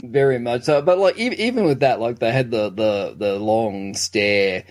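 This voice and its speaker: A man's voice: medium pitch, normal speed. Male co-host, mid-range voice, wry and incredulous, stammers into his points. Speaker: film review podcast co-host. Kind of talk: casual chat.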